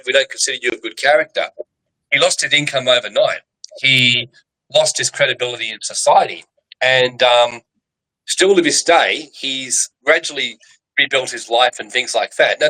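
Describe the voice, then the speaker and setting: Guy on a video call, bright voice, emphatic and rambly, keeps restarting. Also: medium pitch, poor audio. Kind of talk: animated storytelling in casual chat.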